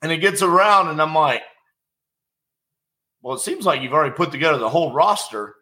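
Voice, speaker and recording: A man's voice: on the high side, animated, a little fast, pushed and bright. A man hosting a podcast, chatting casually with his guest and retelling a story. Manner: conversational, lots of fillers and restarts. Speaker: podcast host. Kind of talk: casual interview chat.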